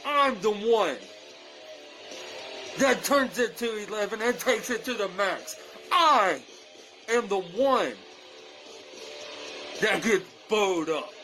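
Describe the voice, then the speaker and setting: A man delivering a boastful, menacing wrestling promo, slow and deliberate. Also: high-pitched, animated, low-quality recording. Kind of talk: scripted wrestling trash-talk promo. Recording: guitar music playing loudly behind.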